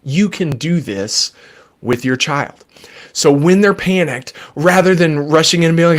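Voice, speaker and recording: A man who is a child therapist and podcast host, giving patient, gentle advice in a live Q&A from his desk at home. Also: fairly high pitch, a little slow. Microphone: desk microphone.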